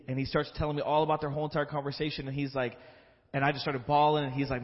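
A man's voice: medium pitch, little pitch movement, racing, few pauses. A man speaking in church at offering time, telling an earnest, emotional story and then leading a prayer. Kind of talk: sermon testimony and prayer. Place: church hall. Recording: dull sound in a reverberant hall.

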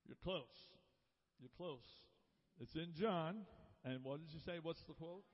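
A man's voice: a little high, unhurried. A man leading a Bible quiz at church, asking the congregation questions and teasing them over the answers. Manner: playful, teasing, quizzing the crowd. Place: church hall. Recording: dull live hall audio.

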